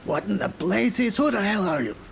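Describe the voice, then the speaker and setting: A man's voice: high-pitched, lively intonation, moderate pace, creaky, a little hiss or hum, pitched above the performer's own voice. A man voicing a blustering, drunk old male sea captain who rants with old-fashioned exclamations. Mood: raving.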